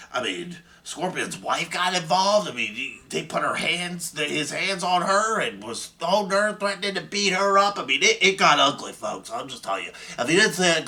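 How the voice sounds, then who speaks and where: An excitable young man rambles through wrestling results as the show's host, cursing freely and joking about not being paid enough. His voice is bright and a touch higher than most men's. He talks straight to the camera in loose, unscripted chat. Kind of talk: casual unscripted show recap.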